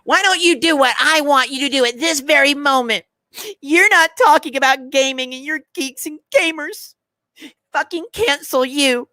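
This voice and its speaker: A man's voice: very high voice, normal speed, bright, forceful tone, no echo, pitched above the performer's own voice, full character voice. A man putting on a mocking, nagging voice of a whiny, entitled online complainer.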